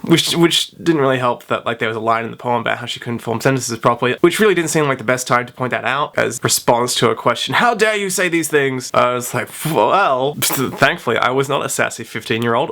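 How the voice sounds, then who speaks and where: A man's voice: mid-range voice, fairly bright tone. A young man telling a funny school story to camera, chatty and self-mocking, with plenty of "like". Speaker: vlogger. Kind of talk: storytime vlog.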